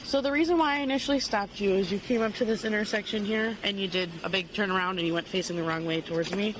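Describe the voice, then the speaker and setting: Calm, fast-speaking female police officer. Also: mid-range voice. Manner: calm, steady, firm. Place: roadside, outdoors. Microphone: body camera. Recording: noisy outdoor bodycam audio.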